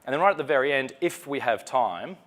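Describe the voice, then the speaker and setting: Presenting live on a conference stage in a session room, an Australian man with an Australian accent is chatty, jokey, and self-deprecating. He speaks fairly quickly at medium pitch, with lively intonation and a fairly bright tone.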